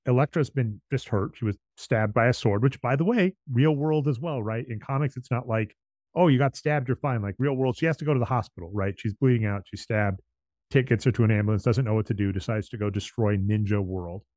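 A man's voice: medium pitch, fairly quick, darkish tone, no room sound. Talkative man recapping comics in a dry room. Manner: explains at length, retells scenes with quoted voices. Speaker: podcast co-host. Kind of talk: casual chat about comics.

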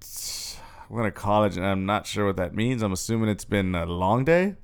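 A laid-back male podcast co-host, tired late at night, joking and rambling in casual chat. His voice is gravelly yet smooth and resonant, with a lively, swinging pitch. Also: moderate pace.

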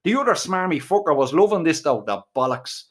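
A man's voice: fairly high pitch, big pitch swings, fairly quick, slightly rough. A middle-aged Irish man telling a crude, comic story with colourful swearing.

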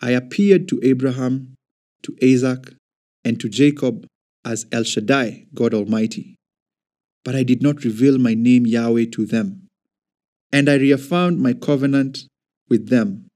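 Man voicing God, solemn, measured, mellow dark tone. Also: mid-range voice, natural voice. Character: calm mighty male God speaking.

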